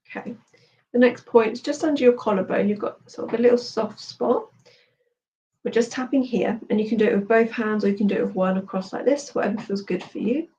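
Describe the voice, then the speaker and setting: A woman therapist and coach leading a guided tapping session, speaking slowly and soothingly as she gives instructions. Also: on the high side, dark tone, distant mic, highs cut off.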